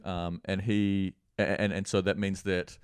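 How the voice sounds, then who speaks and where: A man's voice: low-pitched, little pitch movement, a little slow, clean tone, dry recording, clean studio sound. A man with a New Zealand accent, a guest comedian chatting casually on a podcast, rambling and swearing freely.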